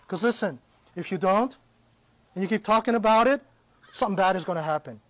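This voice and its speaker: Male Bible teacher with a high voice on a dry close mic, conversational preacher who keeps checking in. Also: animated, a little fast, long pauses, no echo. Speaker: Christian teacher. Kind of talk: live-streamed Bible teaching.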